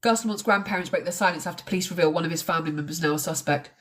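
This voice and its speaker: A woman's voice: on the low side, very fast, fairly bright tone. A woman talking casually on a live stream about a crime case, chatty and blunt, with the odd swear. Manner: chatty, swears, mocks accents.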